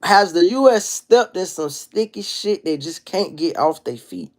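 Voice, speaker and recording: A man in his thirties holds forth on his livestream, slinging profanity and street slang as he spins his stories. His voice sits a bit high for a man. He tells it all with loose, animated energy. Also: a little slow. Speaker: livestream host. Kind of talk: casual livestream monologue.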